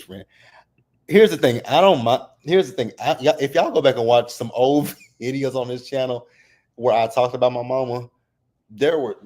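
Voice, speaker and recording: Mellow-voiced man chatting on a livestream. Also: mid-range voice. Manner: open and emotional, fighting back tears. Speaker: reality TV recap host. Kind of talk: casual livestream recap chat.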